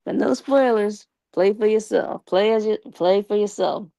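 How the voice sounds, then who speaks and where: Gravelly-voiced woman with a slight lisp. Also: medium pitch, unhurried, mellow, dry recording. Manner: chatty, slangy, addresses viewers directly. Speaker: live streamer talking to chat. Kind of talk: casual live-stream chat.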